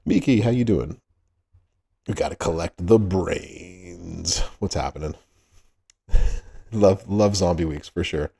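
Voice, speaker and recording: A man's voice: sits low, slow pace, vocal fry, pauses often, mellow, slightly rough. A man hosting a casual livestream, greeting chat viewers by name and laughing often. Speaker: livestream host.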